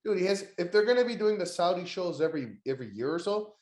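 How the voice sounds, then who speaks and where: A man's voice: high-pitched, lively intonation, fast, darkish tone, roomy sound. Rambling, crude man hosting a wrestling podcast. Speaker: podcast host. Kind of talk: casual wrestling podcast chat.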